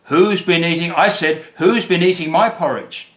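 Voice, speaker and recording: Guy doing big papa bear yelling, storybook voice, pitched up, echoey room. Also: moderate pace, lightly acted. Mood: indignant. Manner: loud indignant demanding. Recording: roomy echo.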